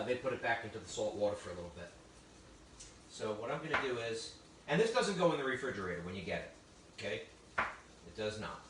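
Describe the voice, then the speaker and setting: A man's voice: fairly low pitch, very noisy. A man giving a live cooking demonstration, chatty and enthusiastic with frequent exclamations. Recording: roomy, distant mic with faint ambience.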